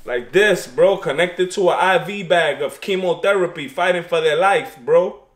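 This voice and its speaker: A man's voice: sits high, moderate pace. A man giving preachy, streetwise life advice in a casual motivational monologue.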